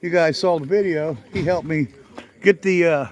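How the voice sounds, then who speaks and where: A middle-aged garage vlogger speaks at normal speed, his voice on the high side, while filming outdoors. His talk is relaxed and rambling, and he often corrects himself and chuckles.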